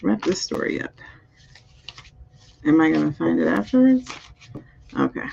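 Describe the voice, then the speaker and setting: Woman reading cards on a livestream, thinking out loud and talking to chat, kinda raspy, low hiss behind. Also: animated, unhurried. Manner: muses aloud over the cards, chatting with viewers. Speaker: spiritual card reader. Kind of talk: live-streamed card reading. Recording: dull, muffled audio.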